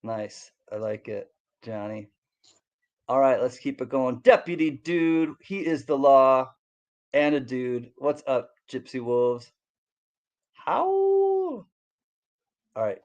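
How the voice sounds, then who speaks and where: A man hosting a casual livestream, cheerfully greeting viewers by name in quick shout-outs. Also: medium pitch, highs cut off. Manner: upbeat, reads out chat names in quick greetings. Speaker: livestream host.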